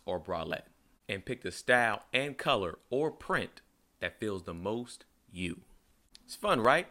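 A man's voice: lowish voice, bright, forceful tone. A man reading a sponsor ad on a podcast in an upbeat, salesy way. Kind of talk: read ad.

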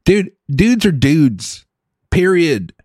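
A man's voice: a little high, sing-song, very slow, darkish tone, no echo, studio quality. A middle-aged man co-hosting a podcast, chatting casually with blunt, crude jokes. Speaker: podcast co-host. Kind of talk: casual chat.

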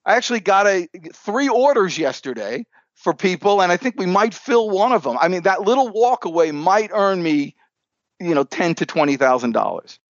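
A man's voice: high-pitched, normal speed, no echo, lo-fi sound. A man who is a sales coach, telling upbeat stories in a podcast interview and acting out the dialogue while he stands. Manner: animated, upbeat storyteller who acts out dialogue.

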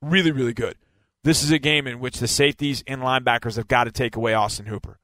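A man's voice: mid-range voice, steady tone, fast talker, sharp tone, no room sound. A man giving a casual football breakdown, explaining and stressing key words again and again. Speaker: football analyst.

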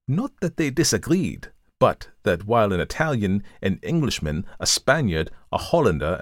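A man voicing a calm, methodical male detective who reasons aloud in a measured, lecturing way, in an audiobook reading. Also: on the low side, no echo, clean studio sound.

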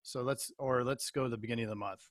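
A man's voice: medium pitch, fairly even intonation, quick pace, dry recording. A man with a mid-range voice talks through figures on a casual show, stumbling and restarting as he thinks aloud. The recording is dry, with no room sound. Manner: thinking aloud, stammers while reading out data. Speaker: podcast co-host. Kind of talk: casual chat.

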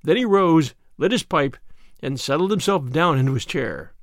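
A man narrating an audiobook in a measured, lively way. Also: a little high, dry recording, studio quality. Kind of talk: storytelling narration.

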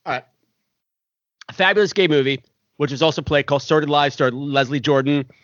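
A man's voice: fairly high pitch, brisk, a bit bright, no room sound, lo-fi sound. A tipsy man co-hosting a casual movie-review chat, chatty and campy. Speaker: podcast co-host.

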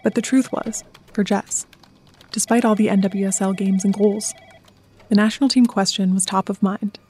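A woman narrating a scripted sports documentary with an even, measured delivery. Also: medium pitch, breathy edge. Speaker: narrator and interviewer.

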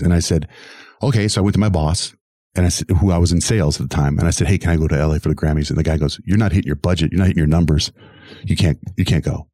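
A man's voice: extremely low pitch, no room sound, clean studio sound. A middle-aged man, a radio host, telling his career story in an interview and acting out the voices of the people in it. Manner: animated, acts out quoted voices.

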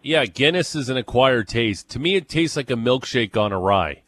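A man hosting a sports radio show in a studio, brisk and joking with his guests. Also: mid-range voice, lively intonation, fairly bright tone, no room sound. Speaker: radio host.

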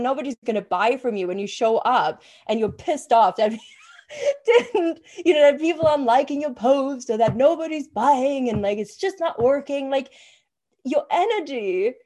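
Fired-up higher-voiced woman on a podcast. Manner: energetic, frequent swearing and "like" fillers. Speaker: podcast co-host and business coach. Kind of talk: casual podcast chat.

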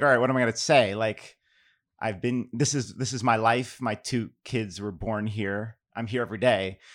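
A middle-aged man from New York tells a rambling, self-deprecating story before reading his poems. He speaks at an average pitch, loose and unhurried, with plenty of "um"s and restarts. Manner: relaxed, self-deprecating, many fillers and restarts. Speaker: poet giving a reading. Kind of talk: casual anecdote and poetry reading.

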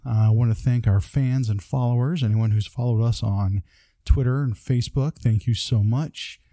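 Man, podcast host, deep mellow tone, dry close sound, earnest sign-off. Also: steady tone, no room sound. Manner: earnest, with occasional halting fillers. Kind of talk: scripted closing thanks.

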